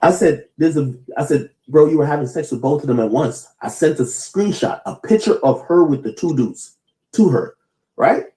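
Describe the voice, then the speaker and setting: A man's voice: fairly high pitch, animated, normal speed, dark tone, echoey room, rough recording. A man on a livestream telling a personal story in a rambling, stammering, defensive way.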